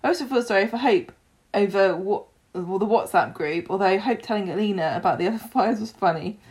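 A woman's voice: mid-range voice, brisk, darkish tone. A woman with a mid-range voice chats on a casual podcast. She reads listener messages aloud in an easy, conversational way. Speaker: podcast co-host.

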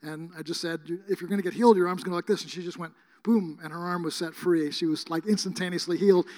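A man preaching a sermon, telling healing stories in a rambling, casual way with many fillers and restarts, sometimes rising to near shouting. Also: high voice, steady tone, fast. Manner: emphatic, rises to near shouting at times. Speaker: guest preacher.

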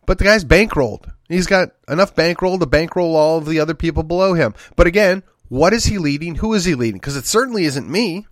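A man's voice: high voice, animated, brisk, few pauses, fairly bright tone, no room sound, studio quality. A middle-aged man from Texas hosting a political commentary podcast, talking emphatically in a monologue, firing off rhetorical questions and repeating his points. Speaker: podcast host.

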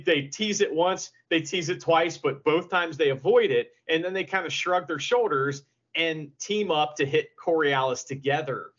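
A man with a somewhat higher voice co-hosts a podcast, recapping in a rambling way full of fillers. He sounds enthusiastic. The audio is slightly dull and lo-fi. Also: fairly bright tone. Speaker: podcast co-host. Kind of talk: casual wrestling recap.

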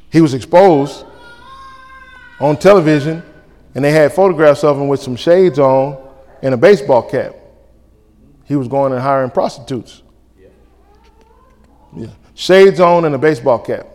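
High-pitched preaching man in an echoing hall. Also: a little slow, pauses often. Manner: animated preaching in vernacular, acting out dialogues. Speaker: pastor. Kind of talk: sermon. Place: church sanctuary. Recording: reverberant church hall.

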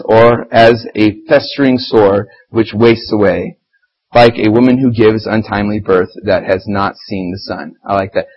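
This lay preacher's voice is lowish and husky, his pace a little slow, and the recording lacks high frequencies. Preaching informally in church, he reads from scripture and turns heated and animated when describing fighting Satan.

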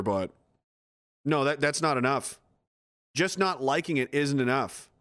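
A man in the middle of a casual livestream, talking at a medium pitch. He rants bluntly and swears freely, and he sounds exasperated as he reads out and answers viewer comments. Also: expressive, moderate pace, long pauses, fairly bright tone. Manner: blunt, profane, exasperated ranting.

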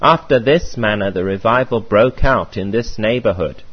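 A man reading a first-person memoir aloud in a measured, earnest way, on a muffled lo-fi recording. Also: on the low side, slightly rough. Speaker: audiobook reader.

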